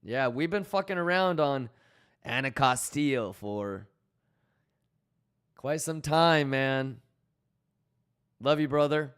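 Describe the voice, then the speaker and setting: A man's voice: medium pitch, lively intonation, takes it slowly, long pauses, fairly bright tone, clear, resonant tone. A man hosting a live stream, joking around loosely with swearing and greeting viewers by name. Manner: loose, profane banter reading chat messages aloud; hyped, calling out viewers by name. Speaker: livestream host. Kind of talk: casual livestream chat.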